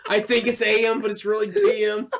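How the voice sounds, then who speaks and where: A man's voice: sits high, monotone, a little fast, a little hiss or hum. A man on a podcast telling a funny story in a casual way, swearing and acting out his own lines with laughter. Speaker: podcast co-host.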